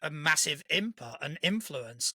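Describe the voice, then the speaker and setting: A man's voice: a little high, expressive, a little slow, bright, forceful tone, dry recording, studio quality. A man co-hosting a casual live-streamed podcast, earnest and reflective, often restarting with "you know". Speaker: podcast co-host.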